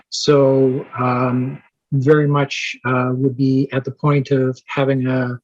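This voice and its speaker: A man talking through an interview at an even, middle pitch, stopping often with fillers and restarting his sentences. His voice comes through a slightly muffled, lo-fi line. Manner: hesitant, many fillers and restarts. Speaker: interviewed program member. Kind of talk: casual interview answers.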